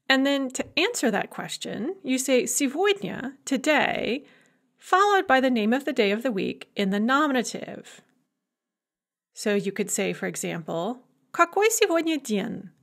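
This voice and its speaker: A woman teaching a language in a recorded lecture, with a somewhat high voice. She takes her time, sounding out each example phrase slowly and carefully. Her explanations are clear and methodical. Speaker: language instructor.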